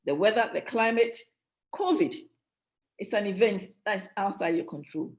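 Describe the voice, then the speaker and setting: A woman's voice: medium pitch, normal speed, darkish tone. A woman giving a motivational leadership teaching at a church, emphatic, repeating key phrases and restarting her sentences.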